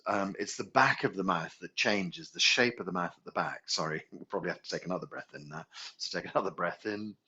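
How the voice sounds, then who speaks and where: A man teaching a qigong healing class, gently guiding breaths and sounding out long vocal tones and hums. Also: low voice, husky, muffled recording. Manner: gentle, unhurried guidance with sung tones and hums. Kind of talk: guided healing class instruction.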